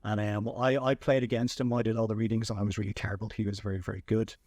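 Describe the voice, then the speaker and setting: An Irish man hosting a podcast, telling animated anecdotes in a casual chat with frequent restarts. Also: fairly low pitch, fast, no echo. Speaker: podcast host and filmmaker.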